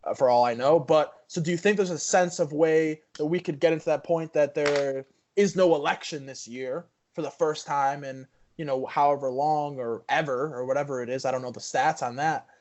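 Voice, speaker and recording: Male podcast co-host, slightly high voice, loose rambling delivery when he brings up a topic. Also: steady tone, moderate pace, a little mellow. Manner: rambling, restarts, raises topics for discussion. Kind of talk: casual chat.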